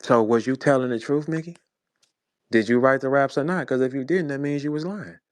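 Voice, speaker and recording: A man's voice: mid-range voice, fairly quick, no room sound. A man in his forties from St. Louis delivering a heated, profane, mocking rant as host of his own show. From St. Louis, USA. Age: 40s. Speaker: battle rap personality, host. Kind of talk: heated monologue.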